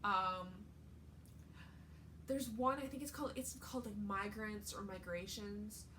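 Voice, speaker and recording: A woman's voice: mid-range voice, measured pace, sharp tone, slight background noise. A woman book vlogger talking in a casual, rambling way, with lots of fillers and restarts. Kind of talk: casual chat.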